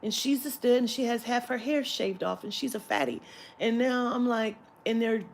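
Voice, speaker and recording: A woman talking straight to her audience in a casual vlog. She tells the story as a rant, heavy with swearing and lively emphasis, in a slightly raised voice. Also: on the high side, normal speed, slight background noise. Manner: profane, animated, mimics clerks' voices. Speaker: vlogger.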